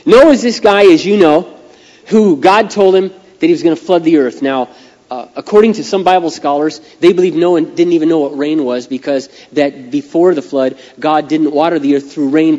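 A middle-aged man preaching a sermon with animated, folksy storytelling. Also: a little high, dull audio. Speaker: pastor. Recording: long hall reverb.

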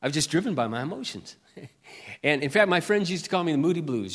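An older man preaching a sermon with impassioned delivery, dropping to a hush and rising to loud peaks. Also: a little high, lively intonation, fast talker, breathy edge. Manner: impassioned, swings from hushed to loud. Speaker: pastor. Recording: long reverb of a hall.

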